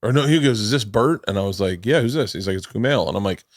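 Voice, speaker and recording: A man's voice: on the low side, animated, fast, no echo, studio quality. Rambling, swearing man telling stories. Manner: rambling storytelling, acts out quotes, swears freely. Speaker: podcast host. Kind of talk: casual chat.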